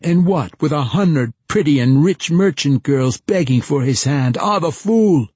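A gruff village man ranting with scorn, as a male narrator puts him on. His voice is pushed high and loud, with a husky edge. It comes from a storybook reading. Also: expressive, measured pace, no echo. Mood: scornful.

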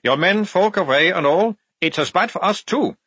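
A man's voice: high voice, lively intonation, normal speed, bright, forceful tone, slightly rough, no room sound, pitched above the performer's own voice, heavily acted. A man reading an audiobook, voicing a hapless male guard who talks in a sheepish, pleading way. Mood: chummy.

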